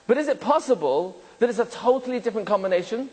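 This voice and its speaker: A rabbi giving a lecture to an audience, asking them many questions and joking with the room. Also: male voice, sits high, lively intonation, quick pace, in a large hall, low-quality recording. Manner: jokes and laughs with the room.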